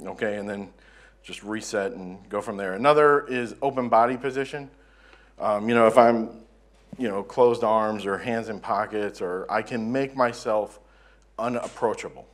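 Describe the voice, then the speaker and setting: A man from the southern United States giving a relaxed, self-deprecating conference presentation in a conference room. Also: mid-range voice. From Southern United States (Florida). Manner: conversational, self-deprecating, joking. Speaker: conference speaker.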